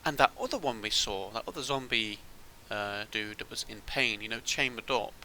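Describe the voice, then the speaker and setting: A man's voice: fairly low pitch, normal speed, sharp tone, a little hiss or hum, low-quality recording. A man giving casual gameplay commentary as a channel host, thinking aloud and rambling with restarts.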